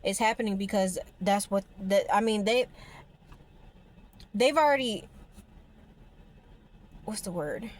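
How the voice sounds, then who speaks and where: A woman's voice: medium pitch, takes it slowly, long pauses. Woman, spiritual vlogger, casual talk, rambling, emphatic.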